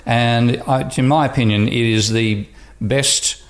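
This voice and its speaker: A man's voice: medium pitch, steady tone, a little slow. A man speaking as an economics professor on a podcast, rambling and restarting often in casual chat.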